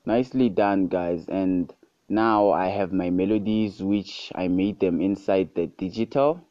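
A man narrating a casual music production tutorial, relaxed and easygoing, often calling out to his viewers and praising each sound. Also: sits low, unhurried, lo-fi sound. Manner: relaxed, repeats "guys" and "super cool".

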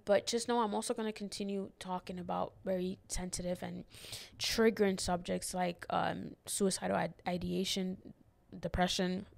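Her mid-range voice has a gravelly edge as this young podcast host, an immigrant who moved to the United States in childhood, rambles through a personal monologue. She restarts often, leans on fillers, and becomes tearful, close to crying. There's no room sound in the recording.

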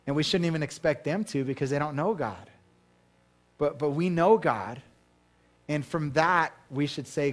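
Man preaching a sermon, slightly higher voice, chatty, asks the room questions, acts out story voices. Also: moderate pace. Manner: conversational, asks the congregation questions, acts out voices in his stories. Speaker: pastor. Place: church.

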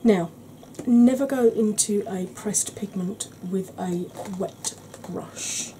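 A woman explaining her makeup steps in a soft, chatty ASMR tutorial, often clearing her throat. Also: medium pitch, takes it slowly, slight background noise, low-quality recording. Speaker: beauty vlogger.

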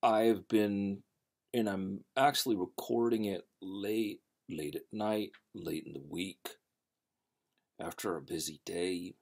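A man hosting a storytelling channel, chatting casually before a reading, rambling and halting with many fillers and restarts. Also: deep voice, gravelly, darkish tone.

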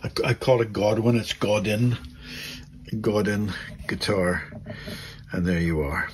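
A man's voice: deep voice, unhurried, slight background noise, low-quality recording. A middle-aged man working as a luthier, chatting through each step of a guitar setup in his workshop. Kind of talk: workshop demonstration to camera.

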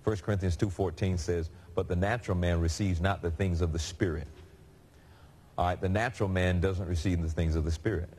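A man's voice: low-pitched, fairly quick, husky. A man preaching a sermon in a conversational, storytelling way. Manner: conversational, animated storytelling with laughs.

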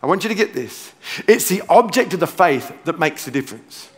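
A pastor preaching a sermon in a church auditorium, emphatic and repeating key phrases, with playful asides. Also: male voice, a little high, very animated, brisk. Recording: long church hall reverb.

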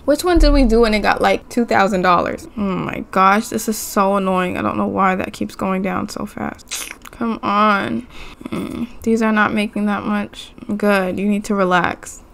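A woman's voice: medium pitch, moderate pace, gravelly, fairly bright tone. A young woman giving casual, chatty commentary while playing a life-sim game and talking to her characters and viewers. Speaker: gaming YouTuber.

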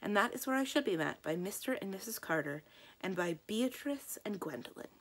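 A woman's voice: medium pitch, animated, a little fast, a bit bright. A woman reading a storybook aloud, voicing an eager, hopeful schoolgirl heroine.

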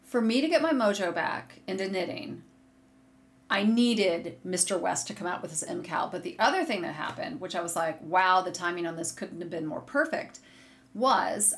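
A woman hosting a knitting video podcast from a room at home, chatting casually and gushing excitedly to viewers as she shows yarn. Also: mid-range voice. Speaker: podcast host. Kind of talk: casual chat showing yarn on camera. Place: home room with a curtain behind her. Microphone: desk setup facing a monitor.

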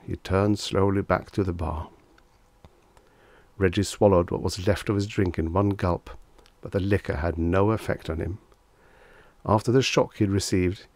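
A man narrating a vintage short story as an audiobook reader, in a measured, wry storytelling manner on a close mic. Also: sits low, darkish tone, dry recording.

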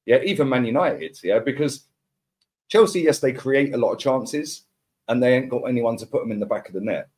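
A man's voice: mid-range voice, expressive, a little fast, darkish tone. A man, ranting as a football podcast pundit in heated casual chat, full of slang and repeated words.

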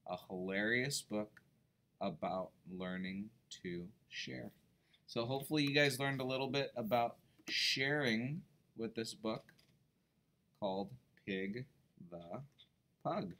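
A man reading a picture book aloud to children, expressive and pausing to explain words. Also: fairly low pitch.

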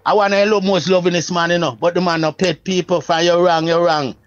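High-voiced Jamaican man preaching. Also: fairly even intonation, a little fast, dry recording, dull audio. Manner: emphatic, preacherly, often asks "you see what I say?". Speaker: Rastafari priest, guest. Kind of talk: religious reasoning, casual talk.

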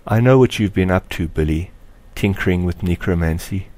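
A man reading aloud, voicing a young girl who is a spirit walker, speaking calmly and softly in a motherly way. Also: on the low side, normal speed. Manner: calm, soft, soothing. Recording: dry close recording.

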